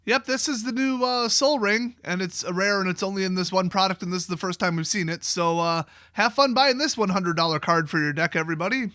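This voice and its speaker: A man with a high, bright voice rants about cards with biting sarcasm and open exasperation. He swears freely and mocks what he reviews. The sound is close and dry, with no room around it. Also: normal speed, few pauses, no room sound. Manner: sarcastic, exasperated, profane ranting. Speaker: card game video host. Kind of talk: sarcastic card review rant.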